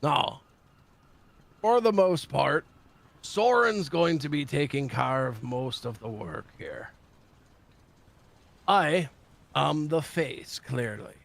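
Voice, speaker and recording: A man's voice: on the high side, expressive, slow, creaky, long pauses, exaggerated voice. A man playing a boastful sailor captain. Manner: folksy sailor talk, calls people mate. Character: boastful jovial male ship captain.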